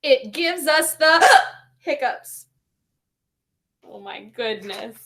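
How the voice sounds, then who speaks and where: A woman's voice: high voice, animated, drawn-out words, fairly bright tone, heavily acted. A woman voicing a hiccuping little penguin. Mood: fretful, hiccuping. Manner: gasping hiccups between words. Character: small young male penguin with hiccups, fretful. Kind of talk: storybook read-aloud for children.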